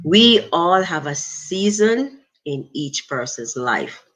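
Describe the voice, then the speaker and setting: A middle-aged woman with a Jamaican accent chats casually with her livestream audience in a slightly low, sing-song voice. Unhurried and reflective, she speaks slowly and thoughtfully, pausing now and then to thank viewers warmly.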